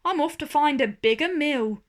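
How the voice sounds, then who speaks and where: A greedy little man, put on by a woman reading aloud, speaks loudly and brashly. The voice is lightly raised, as in a children's storybook. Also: high-pitched, lively intonation, moderate pace, slight background noise, pitched above the performer's own voice.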